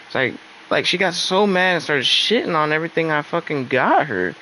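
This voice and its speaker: A man's voice: on the high side, lively intonation, normal speed, pushed and bright, slight background noise, poor audio. A young man venting casually in a rambling, upset way, with lots of fillers and swearing. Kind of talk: casual venting while gaming.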